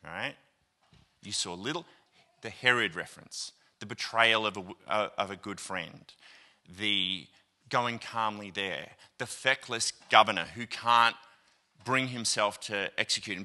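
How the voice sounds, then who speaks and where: An Australian man preaching a sermon, telling a story with lively asides, acted-out quotes and plenty of ums and uhs. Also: lowish voice. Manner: animated, acts out quoted voices, many fillers. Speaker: pastor. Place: church auditorium.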